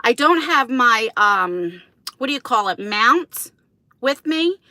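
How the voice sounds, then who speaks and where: This vlogger talks slowly in a fairly high, lively, sharp-toned voice on a dry recording, and she's out of breath. She chats casually with livestream viewers, rambling and greeting the chat, filming on a selfie-stick phone outdoors in wind and later in a parked car.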